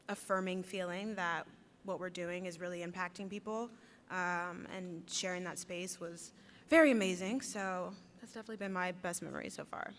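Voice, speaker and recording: A woman, new to a volunteer team, speaking earnestly and warmly on a convention panel. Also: medium pitch, long reverb tail, slight background noise. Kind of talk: panel discussion.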